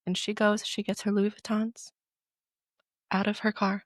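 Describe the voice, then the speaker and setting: A young woman co-hosting a podcast, telling stories in an animated, casual way and swearing freely. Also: medium pitch, a little slow, dry recording, clean studio sound. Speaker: podcast co-host. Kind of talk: casual chat.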